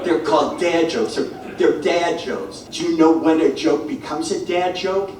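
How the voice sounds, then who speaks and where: A man's voice: on the high side, moderate pace, noisy background. A man doing stand-up comedy, telling a story with mock exasperation at bad puns. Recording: very echoey room, mic far away.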